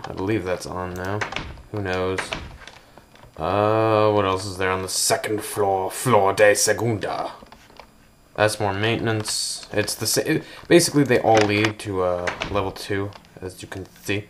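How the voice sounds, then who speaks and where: A man with a very deep voice rambles through a casual tour of a game build, tossing out jokes and goofy asides as he goes. Faint keyboard clicks and typing sit under his voice. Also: fairly even intonation, measured pace, background noise. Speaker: gameplay video host.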